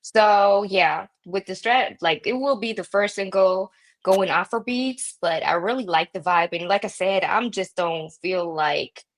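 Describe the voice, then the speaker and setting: A German-born woman musician chats as a guest on a laid-back interview. She talks in an animated way, laughs often and swears casually. Her voice sits at a middle pitch for a woman. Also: measured pace.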